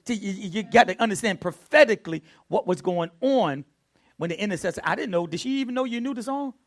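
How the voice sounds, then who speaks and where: High-voiced man preaching, repeats himself, goes from quiet hums to shouting. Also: lively intonation. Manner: preaching with swings from soft murmurs to loud shouts; repeats phrases, drawn-out emphatic delivery. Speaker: pastor. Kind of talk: sermon.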